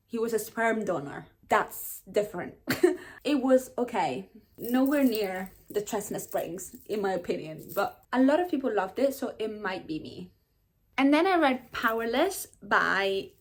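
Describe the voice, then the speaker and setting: A young woman from Italy chats through her reading list in a lively, opinionated way, jumping between gushing and grumbling. Her voice sits at an ordinary middle pitch. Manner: chatty, opinionated, bursts of laughter. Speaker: book vlogger. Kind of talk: casual chat.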